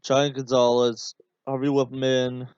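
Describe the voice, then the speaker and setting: A man's voice: mid-range voice, completely flat delivery, a little slow, darkish tone, clean tone, no echo. A man hosting a podcast, talking casually over a match he is watching, rambling with many fillers and turning sarcastic and exasperated. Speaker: podcast host. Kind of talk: casual watch-along commentary. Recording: dull, dry podcast mic.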